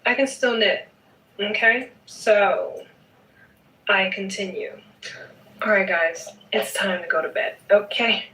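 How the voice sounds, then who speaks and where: A woman's voice: medium pitch, slow pace, pauses often, bright, forceful tone, roomy sound, distant mic, poor audio. Chatty woman vlogging from across a room. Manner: chatty, playful, emphatic with repeated "okay?". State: sleepy at night. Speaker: knitting vlogger. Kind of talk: casual vlog chat.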